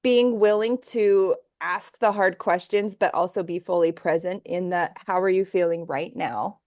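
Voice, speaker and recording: A woman's voice: lowish voice, moderate pace, darkish tone, no echo. Reflective woman host, dry sound. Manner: reflective, summarizing. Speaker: podcast host. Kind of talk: casual interview talk.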